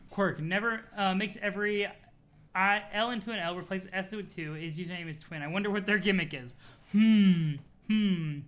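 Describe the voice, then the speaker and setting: Brief: laid-back streamer reacting to chat, bright tone, quick laughs, casual swearing. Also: medium pitch. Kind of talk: live-streamed read-along with chat.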